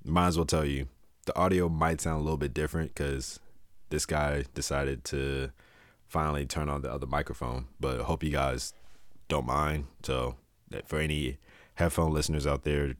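A podcast co-host reading a joking mock sponsor ad in a put-on, very deep voice. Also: male voice, dry recording, studio quality. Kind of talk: mock ad read.

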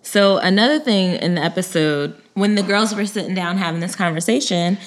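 A woman's voice: on the low side, a little fast, few pauses. Chatty woman podcast co-host. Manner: chatty, recaps a show and acts out quotes. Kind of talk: casual podcast chat.

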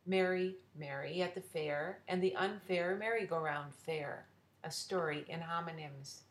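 A woman poet reading a children's story aloud, slowly and deliberately, spelling out words. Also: on the low side. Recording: roomy echo.

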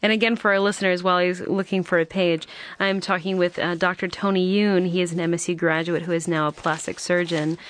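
A woman's voice: on the low side, fairly even intonation, a little fast. A woman host interviewing an author on a radio show, asking questions with friendly hesitations.

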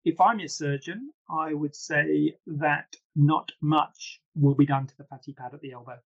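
A plastic surgeon fields viewer questions in a loose, rambling live Q&A, full of chatty, self-deprecating asides. His fairly high voice is a little slow with vocal fry, and the recording's highs are cut off.

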